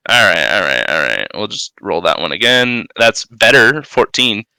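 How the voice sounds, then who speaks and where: Joking player guy, very bright voice, lively pitch, dry sound. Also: normal speed, clear, resonant tone, dry recording, rough recording. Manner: enthusiastic, joking, laid-back. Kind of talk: casual tabletop play.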